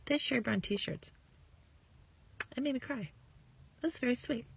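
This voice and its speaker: A woman in her thirties giving a bubbly, chatty motivational talk to her followers as a sales coach, acting out quick bits of dialogue. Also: on the high side, lively intonation, creaky, slightly rough. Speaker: network marketing coach.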